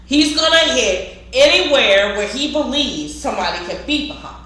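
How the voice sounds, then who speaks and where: A woman's voice: a little high, lively intonation, normal speed, sharp tone. Emphatic woman trainer in an echoey room. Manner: emphatic, direct, talks to viewers as y'all. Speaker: security trainer. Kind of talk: casual instructional talk. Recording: very echoey room, faint noise.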